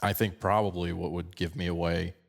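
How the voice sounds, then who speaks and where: A man from Colorado with a slight picked-up Southern twang, hosting a podcast in fast, animated casual chat. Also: low voice, creaky. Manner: fast-talking, animated storyteller. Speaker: podcast host.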